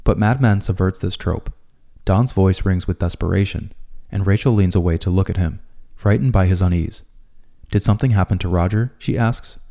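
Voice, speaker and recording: A man narrating a scripted video essay in a calm, measured way. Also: sits low.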